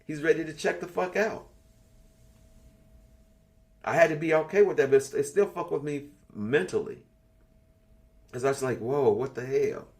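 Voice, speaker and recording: This man, in his sixties, is the leader of an online spiritual class, and he talks bluntly and casually, swearing freely through his stories. He speaks at a moderate pace in a fairly high voice, leaving long pauses.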